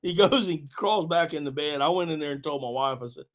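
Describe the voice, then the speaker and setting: Rambling, chuckling duck hunter storyteller. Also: male voice, on the high side, brisk. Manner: rambling, laughing storyteller with many fillers. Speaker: live stream host. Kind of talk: casual storytelling chat.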